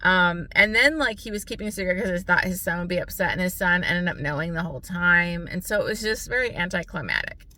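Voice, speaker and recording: A woman's voice: fairly low pitch, fairly quick, few pauses, pushed and bright. A young American woman giving a blunt, frustrated book review, swearing often and filling her talk with "like". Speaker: book vlogger.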